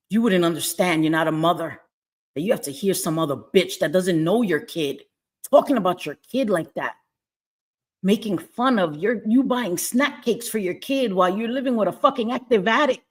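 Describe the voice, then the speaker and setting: A middle-aged woman hosting a livestream, angry and profane, repeating herself as she talks to her chat. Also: on the low side. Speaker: livestream host. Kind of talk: heated livestream rant. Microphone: webcam or phone.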